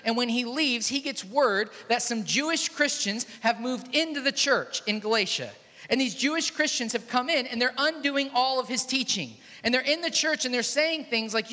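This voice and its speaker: A man's voice: very high-pitched, sharp tone. A man preaching a sermon in a large church hall, conversational and storytelling, joking with the congregation. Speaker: pastor. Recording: echoey hall.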